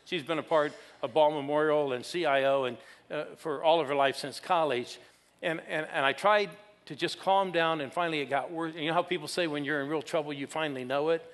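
A man's voice: fairly high pitch, brisk, fairly bright tone, long reverb tail. A man in his sixties, a pastor telling a personal story in a sermon, playfully drawing in the audience. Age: 60s.

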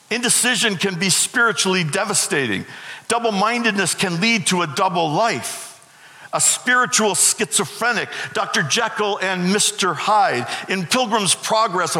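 High-voiced pastor preaching in echoey hall. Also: male voice, pushed and bright. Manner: emphatic, repeats key phrases. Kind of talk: sermon. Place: church sanctuary. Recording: echoey hall with long reverb.

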